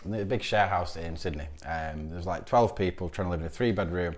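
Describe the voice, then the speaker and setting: A man's voice: sits low, fairly quick. A middle-aged man, a podcast guest, telling stories in a rambling way, often restarting and laughing. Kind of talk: casual interview storytelling.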